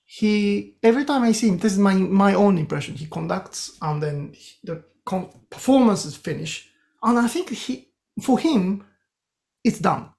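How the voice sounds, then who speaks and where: A man with a Japanese accent, a composer talking as a guest in an interview, telling animated stories with many restarts. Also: high-pitched, moderate pace, vocal fry. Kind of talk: casual interview storytelling.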